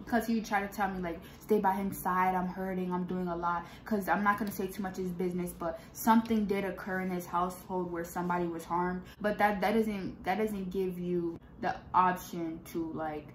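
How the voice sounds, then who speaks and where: A woman's voice: fairly low pitch, steady tone, a little fast, hardly any pauses, a little hiss or hum. A young woman telling a storytime to camera in casual, blunt, slangy and profane talk. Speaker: vlogger. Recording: echoey room.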